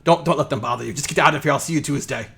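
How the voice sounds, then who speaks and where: A burly brawler, as a man puts him on at the game table, bellows at a crowd of children in a bright, forceful voice. He is fierce and protective, and quick with an insult. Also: fairly high pitch, gravelly. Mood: kind.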